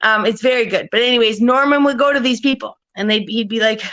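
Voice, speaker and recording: A woman's voice: on the high side, quick pace, a bit bright. A woman co-hosting a live panel chat, telling rambling stories with frequent laughs. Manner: rambling storyteller, laughs often. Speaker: panel co-host. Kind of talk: casual chat.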